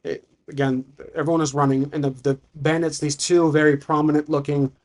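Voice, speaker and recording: A man's voice: fairly high pitch, level tone, a little fast, a little mellow. A man narrating a solo tabletop campaign as game master, thinking aloud with frequent restarts.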